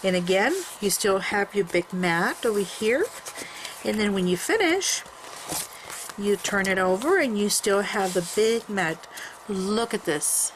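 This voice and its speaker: A woman's voice: medium pitch, expressive, a little slow, slight background noise, rough recording. Chatty woman showing a handmade album. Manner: chatty and rambling, with many fillers and restarts. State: coughing from allergies. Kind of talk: casual show-and-tell.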